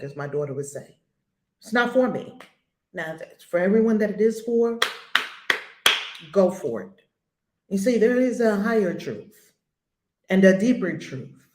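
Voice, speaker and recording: A woman's voice: mid-range voice, a little mellow, reverberant. An older woman giving a spiritual lesson, blunt and emphatic, hammering home her points by repeating them. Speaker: spiritual teacher.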